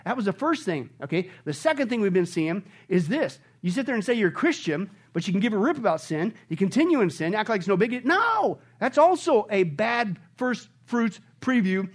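A male pastor preaching a sermon, animated, swinging between bursts of shouted excitement and hushed asides. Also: sits high, husky.

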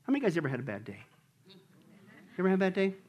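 A male pastor preaching a sermon in an animated, conversational way, often quizzing the congregation with questions. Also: high-pitched, racing.

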